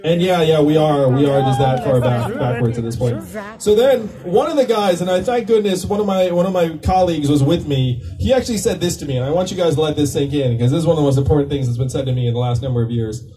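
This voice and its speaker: Candidate at a rally: a man with a high voice, chatty and joking with the crowd, caught from a distant mic. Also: quick pace, mellow, echoey room. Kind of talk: campaign rally speech. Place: political rally venue.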